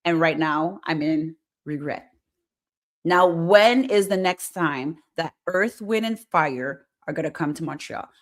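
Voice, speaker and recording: A woman hosting a casual live stream, chatting excitably and reading viewer comments aloud. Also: low-pitched, unhurried. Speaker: host. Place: Montreal.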